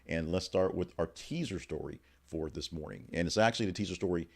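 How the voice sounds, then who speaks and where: A man's voice: sits low, brisk. A middle-aged man hosting a casual morning news podcast, rambling offhandedly through the headlines with frequent fillers and restarts.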